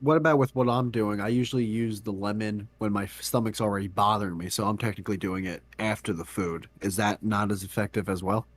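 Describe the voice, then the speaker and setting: A man's voice: fairly low pitch, fairly even intonation, fast, few pauses, slight background noise. A man hosting a podcast, joking and mocking himself in casual chat. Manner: jokey, self-mocking, laughs easily. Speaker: podcast host.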